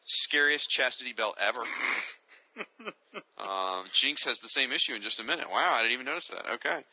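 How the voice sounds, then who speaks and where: A man's voice: mid-range voice, brisk, bright, forceful tone, no room sound, poor audio. A man co-hosting a casual comics chat, opinionated and ranting. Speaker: co-host.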